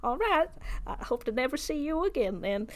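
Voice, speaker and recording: A woman's voice: high-pitched, animated, slow, a little hiss or hum, pitched above the performer's own voice, full character voice. A woman voicing a sly old halfling bandit man who talks hesitantly and stammers while bargaining. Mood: breezy.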